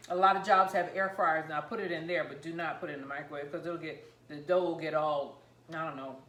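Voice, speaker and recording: A woman vlogging about home cooking, chatting excitedly and rambling while she tastes and eats her food. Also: deep voice, brisk, echoey room. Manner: talking while eating, mouth full. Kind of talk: casual cooking vlog, tasting on camera.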